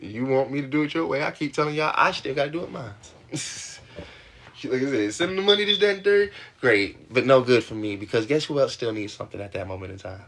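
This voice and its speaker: A man's voice: mid-range voice, fairly quick, fairly bright tone. A man venting to his livestream audience, rambling, laughing often and swearing, his voice jumping up when he gets worked up. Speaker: livestream host. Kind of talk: venting monologue to a live audience.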